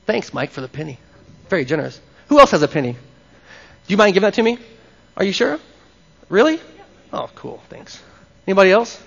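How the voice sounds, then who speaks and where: A high-pitched male pastor delivers an animated sermon, often breaking off to chat with the congregation. His voice rings with long reverb through a church hall, and the sound is a bit dull and lo-fi. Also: fast talker, vocal fry, pauses often. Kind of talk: live sermon.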